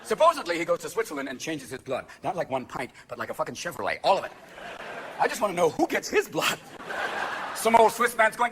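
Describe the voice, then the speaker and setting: A man performing a stand-up comedy routine on a theater stage, manic and shouting his punchlines as he jumps between voices. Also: fairly high pitch, big pitch swings, a little fast, a little hiss or hum. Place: theater stage before a live audience. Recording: live show with loud crowd laughter.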